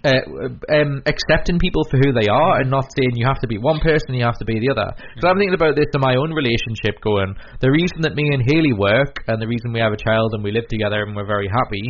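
Brief: man, casual chatter, mid pitch, rambling with restarts, acts out quotes, slightly muffled recording. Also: fast talker, few pauses, a little hiss or hum. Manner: rambling, with many fillers and restarts; acts out quoted lines in other voices. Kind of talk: casual chat.

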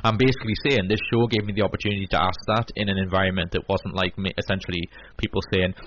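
A man's voice: low voice, steady tone, fast talker, fairly bright tone. A man co-hosting a radio show, chatting casually and rambling with lots of fillers and restarts. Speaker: podcast co-host. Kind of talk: casual chat. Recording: lo-fi radio broadcast with faint hiss.

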